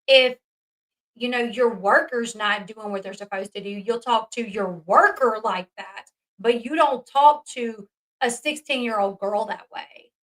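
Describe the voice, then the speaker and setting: Woman commentary host, bright, emphatic, casual swearing. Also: fairly high pitch, a little slow, rough recording. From American South.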